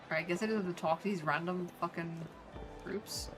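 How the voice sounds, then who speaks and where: A woman's voice: lowish voice, fairly even intonation, fairly quick, music in the background. A woman with an Irish accent casually commenting on her gameplay as a streamer, swearing freely and poking fun at herself. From Ireland. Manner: swears freely, self-mocking.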